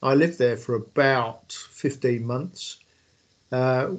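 A man's voice: mid-range voice, takes it slowly. A man hosting a podcast, introducing a guest in a rambling way, full of fillers. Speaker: podcast host. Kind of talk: casual podcast interview.

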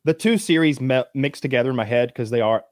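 Guy rambling on a podcast, lots of ums and swearing, mid pitch, dry close sound. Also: fast, a little mellow, no echo. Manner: rambling, with frequent fillers and swearing. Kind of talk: casual chat.

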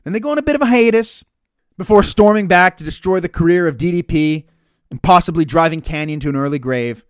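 A man hosting a casual podcast, reading listener mail and chatting in an animated, profane way, often laughing mid-sentence. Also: on the high side, fast, clean tone, no echo, studio quality. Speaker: podcast host.

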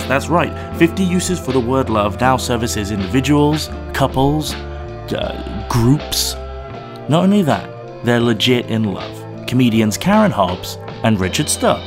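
Cheeky English podcast host with a slight American twang. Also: male voice, mid-range voice, expressive, over music. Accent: Oxford English with a slight American twang. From England. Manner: playful, cheeky, quick to laugh. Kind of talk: casual podcast chat.

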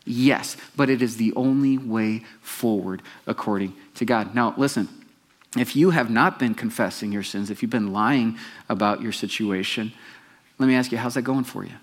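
A man's voice: lowish voice, moderate pace. A male pastor giving a conversational sermon, often putting questions to the congregation.

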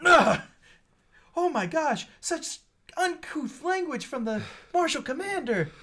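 A man voicing a pompous, prissy enemy commander who squeals in outrage at rough language. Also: very high voice, very animated, slow, pitched above the performer's own voice, heavily acted. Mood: outraged. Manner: squealing, outraged, clipped shouts.

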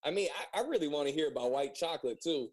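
A man's voice: on the high side, fast talker. A man hosting a casual chat, easygoing and asking his guest for stories. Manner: relaxed, laughs along, asks for stories.

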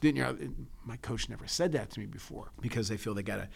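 Male coach, gravelly, candid and emotional, casual talk with lots of restarts. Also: fairly low pitch, fast talker. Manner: emotional, repeats words and restarts, tells stories. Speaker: coach and podcast co-host. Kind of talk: casual chat.

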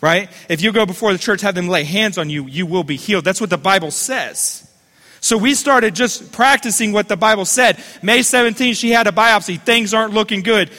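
A man's voice: high-pitched, brisk, bright, forceful tone, in a large hall. A man preaching a sermon as the pastor of a church, calling on listeners to repeat phrases back to him. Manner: fervent preaching with call-and-response.

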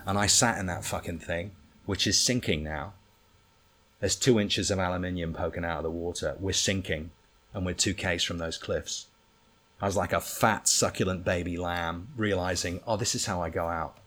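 A man telling a lively anecdote in casual talk, swearing freely and acting out what others said. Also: deep voice, moderate pace. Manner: animated, swearing, acts out others' lines. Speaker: storyteller guest.

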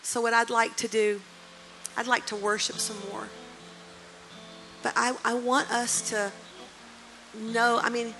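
Bright-voiced woman preacher in her sixties. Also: a little high, slow, long pauses, faint music behind, poor audio. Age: 60s. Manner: animated storyteller, emotional and emphatic. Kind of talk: sermon storytelling.

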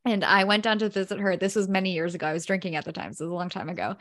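A woman's voice: mid-range voice, racing, a bit bright. A woman from the United States co-hosting a podcast, telling stories in a laid-back way with frequent laughs. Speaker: podcast co-host. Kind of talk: casual chat.

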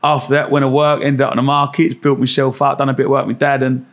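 Young man, animated storyteller who does the voices, mid-range pitch. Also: fast talker. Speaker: guest. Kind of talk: anecdotal storytelling.

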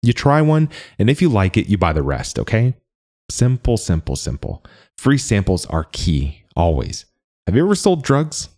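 A man voicing a brisk, wry older blind man who sells pills, often repeating his words. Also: lowish voice, wildly swooping pitch, darkish tone, pitched above the performer's own voice, full character voice. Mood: persuasive.

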